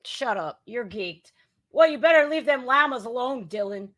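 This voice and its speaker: A woman hosting a casual news commentary podcast, blunt, crude and sarcastic, swinging between loud outbursts and muttering. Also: a little high, animated, moderate pace. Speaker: podcast host.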